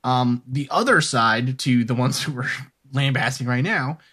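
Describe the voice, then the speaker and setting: A man's voice: mid-range voice, unhurried, bright, forceful tone, breathy edge. A man hosting a podcast, chatting casually with a rambling, restart-heavy manner before an upbeat sign-off. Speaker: podcast host. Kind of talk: casual chat.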